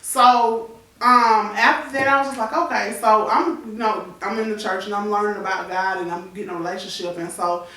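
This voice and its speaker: With a steady, fairly bright medium-pitched voice at a moderate pace, a woman in her thirties appears as a talk show guest and tearfully, candidly relives a painful experience, voicing the people she quotes. Her sound is echoey and distant from the mic.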